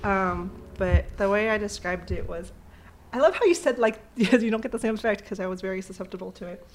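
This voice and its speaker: A young adult woman in casual chat, telling a story in an animated, giggly way with lots of "like". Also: medium pitch, fairly quick.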